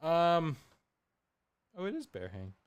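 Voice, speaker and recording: A man co-hosting a casual movie discussion podcast, animated, often trailing off and restarting. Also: on the high side, slow pace, smooth, no room sound, dull audio. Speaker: podcast co-host.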